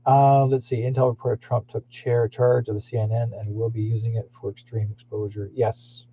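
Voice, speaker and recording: A man hosts a psychic live stream in a meandering, unscripted way, stumbling over restarts and fillers. His voice is deeply mellow and dark. The audio sounds dull and lo-fi. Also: flat delivery, normal speed, slight background noise. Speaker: psychic livestream host. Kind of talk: rambling live-stream talk.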